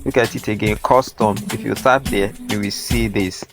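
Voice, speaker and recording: A man hosting a step-by-step tutorial, repeating himself and filling pauses with "uh" as he explains. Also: fairly low pitch, steady tone, music in the background. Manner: repetitive, filler-heavy, instructive. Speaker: tutorial host.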